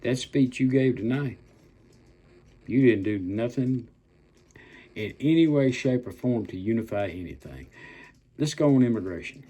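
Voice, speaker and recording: Gruff older man ranting angrily. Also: mid-range voice, mellow. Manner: blunt, profane and threatening, with drawn-out emphatic words. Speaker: political commentator. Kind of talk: angry political rant.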